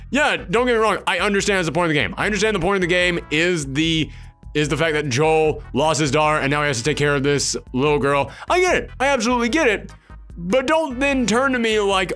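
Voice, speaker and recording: A man's voice: on the high side, fairly bright tone. A man giving an emphatic, ranting spoiler review of a video game, acting out imagined reactions. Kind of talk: opinionated spoiler discussion.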